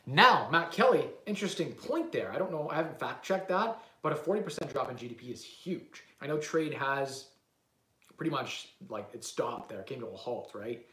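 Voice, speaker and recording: A young man from Canada hosts a casual livestream Q&A, speaking at normal speed with a mid-range voice, lively intonation and a sharp tone. A real estate investor, he rambles through questions with self-assurance, stopping and restarting often amid fillers. The room is spacious and echoey.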